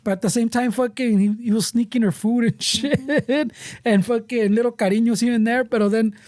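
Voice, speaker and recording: A man's voice: very high voice, fairly even intonation, normal speed, darkish tone, no room sound, clean studio sound. A man with a Chicano accent co-hosting a podcast, chatting casually, swearing and mixing Spanish into his English. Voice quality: swears freely, switches into Spanish. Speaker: podcast co-host. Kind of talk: casual chat.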